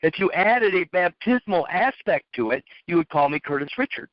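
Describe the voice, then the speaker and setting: A man with a notably high voice delivers a lecturing monologue, firing off rhetorical questions and repeating key phrases. The recording is dull and lo-fi, with a dry, close sound. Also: lively intonation, moderate pace, no room sound. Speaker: speaker.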